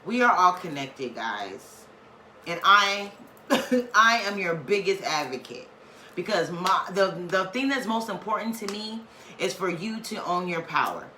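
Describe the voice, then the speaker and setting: A woman's voice: fairly low pitch, big pitch swings, unhurried, sharp tone. A woman giving a casual weekly spiritual reading, talking in an emphatic, preachy, slangy and playful way. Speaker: spiritual tarot reader. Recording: echoey room, faint background noise.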